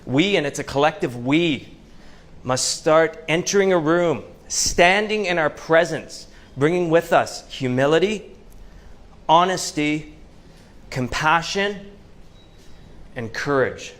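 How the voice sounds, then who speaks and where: A Canadian man giving an inspirational talk to a live audience, telling stories with slow, dramatic pauses. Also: fairly high pitch, lively intonation, a bit bright. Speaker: motivational speaker. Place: event venue before a live audience.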